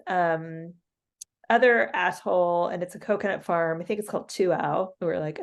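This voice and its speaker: A woman's voice: on the low side, normal speed, vocal fry. A woman co-hosting a podcast, telling a travel story casually with frequent laughs and fillers. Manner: animated, laughs mid-story, many fillers. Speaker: podcast co-host.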